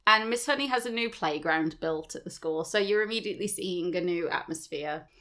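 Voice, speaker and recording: A woman's voice: lowish voice, a little fast, fairly bright tone. A woman co-hosting a podcast, casually retelling a story with sweary asides and laughter. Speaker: podcast co-host.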